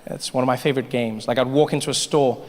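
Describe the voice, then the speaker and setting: A middle-aged man with a South African accent doing a stand-up routine, telling stories with quick asides and impressions. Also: mid-range voice, fairly even intonation, darkish tone. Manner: storytelling with quick asides and mimicry. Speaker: stand-up comedian. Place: theater stage. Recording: reverberant live theater recording, faint noise.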